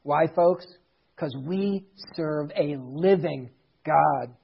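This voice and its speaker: A man's voice: a little high, very slow, gravelly, slightly rough, dull audio. A man preaching a sermon, reading scripture aloud with rising and falling intensity. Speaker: pastor.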